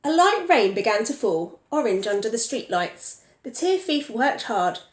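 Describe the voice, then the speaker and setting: A woman teacher reading a picture book aloud to young children, pausing to ask them questions. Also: on the high side, very animated, reverberant.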